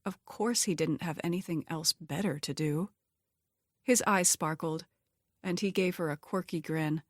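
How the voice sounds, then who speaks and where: A woman narrating a romance audiobook in a steady, even storytelling manner. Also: deep voice, measured pace, no room sound, studio quality. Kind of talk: scripted narration.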